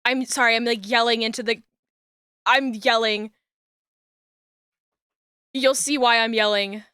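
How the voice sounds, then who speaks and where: A young woman streaming from a small room at home, talking into a desk mic. Her voice is bright and a little high, and the sound is close and dry. She rambles in a chatty way and breaks into excited yelling. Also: a little slow, clear, resonant tone, dry recording. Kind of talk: casual livestream chat while crafting.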